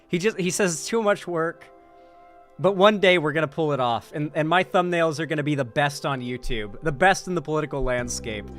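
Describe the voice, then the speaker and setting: A man's voice: fairly high pitch, brisk, fairly bright tone, soft background music. A man streaming casual commentary, rambling with many repeated words and restarts. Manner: rambling, repeats words, laughs at own jokes.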